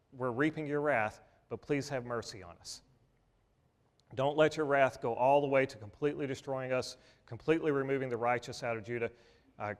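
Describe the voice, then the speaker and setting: A man preaching a conversational sermon in a folksy, plain-spoken way, often repeating words and restarting phrases, chuckling now and then. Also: mid-range voice.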